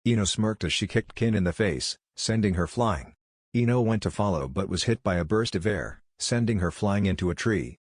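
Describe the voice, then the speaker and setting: A man giving a scripted narration of a fan story in a plain, even reading voice. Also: lowish voice, moderate pace, breathy edge, no echo, clean studio sound.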